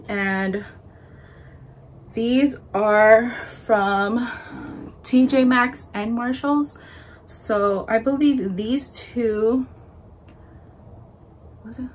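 Slow-talking chatty young woman vlogger. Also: on the high side, slight background noise. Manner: chatty, lots of "like" and "um", shows items to camera. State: a bit out of breath. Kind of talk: casual haul video chat.

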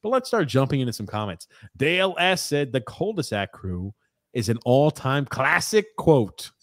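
A man hosting a casual sports podcast, animated and joking as he rants. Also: medium pitch, normal speed, dry recording, clean studio sound. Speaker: podcast host.

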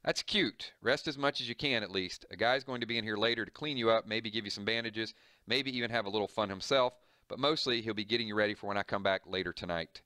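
A man's voice: fairly low pitch, fast talker, pushed and bright, no room sound. A man voicing a smug, cruel male town leader who gloats and mocks in a comic reading. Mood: gloating. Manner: gloating, mocking.

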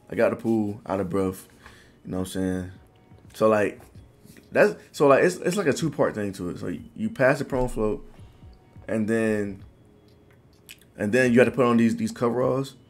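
A man in his twenties telling a personal story to the camera in a casual, animated, slangy way. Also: on the low side, measured pace, long pauses, faint music behind. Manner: animated, loose slangy talk full of "bro". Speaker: vlogger.

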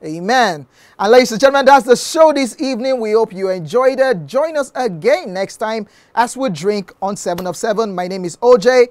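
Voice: medium pitch, animated, normal speed, a little mellow, dry recording. A TV talk show host, playful and teasing, running the segment and signing off. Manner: playful, teasing, sign-off patter.

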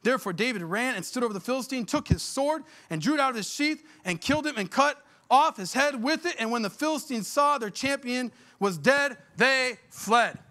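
A middle-aged man preaching with a very high, bright voice. He drives his points hard with blunt, folksy phrasing and rhetorical questions to the congregation. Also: lively intonation, moderate pace, few pauses. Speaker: pastor. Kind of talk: sermon.

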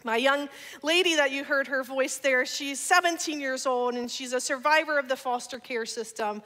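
A woman delivers an energetic, humorous church talk. Her voice is bright and fairly high. The sound carries a long reverb, as from a church hall. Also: normal speed. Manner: energetic, laughing, playful asides. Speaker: guest speaker.

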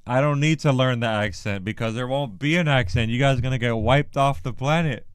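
A man's voice: medium pitch, fairly quick, hardly any pauses, clean tone, no echo. A man streaming live, chatting casually and trading teasing jokes with his viewers. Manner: joking, teasing banter. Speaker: livestreamer. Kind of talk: casual livestream chat.

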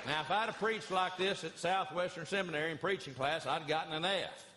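A middle-aged man telling animated, folksy comic stories as a Christian comedian in front of a live audience. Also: on the high side, brisk, a crowd in the background, noisy background. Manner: folksy, animated, acts out voices of others. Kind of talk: live stand-up storytelling. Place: church hall with a live audience.

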